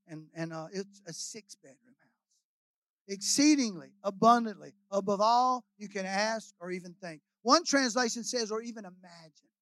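A man, preaching as a guest pastor in a folksy, joking way, repeating phrases and swinging between quiet asides and loud shouts. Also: sits high, no room sound. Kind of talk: sermon.

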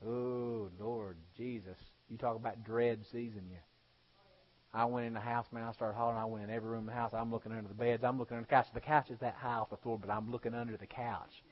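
A male pastor preaching a sermon, swinging between loud exhortation and hushed storytelling. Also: medium pitch, level tone, fast. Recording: dull lo-fi sound.

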